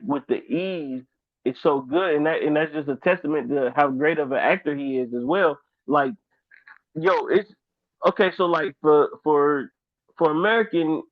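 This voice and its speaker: Podcast co-host from Ohio, fairly high male voice, animated and rambling, thin phone-like dry recording. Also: no room sound. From Dayton, Ohio. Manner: animated, rambling, lots of fillers. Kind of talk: casual chat. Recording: dry, tinny phone-like sound.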